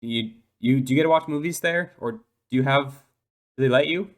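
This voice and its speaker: A man's voice: mid-range voice, fairly quick, voice pushed up, close to an everyday voice. A man voicing an eight-year-old dolphin boy in a tabletop role-play, who talks hesitantly with many ums and restarts. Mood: nervous, chatty.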